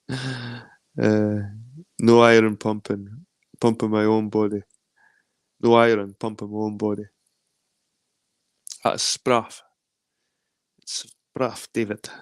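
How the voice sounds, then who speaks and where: A man's voice: lowish voice, no echo. Scottish man rambling on a phone stream. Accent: Edinburgh Scottish. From Scotland. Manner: rambling and profane, greets viewers by name. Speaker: livestream host. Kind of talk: casual live-stream chat.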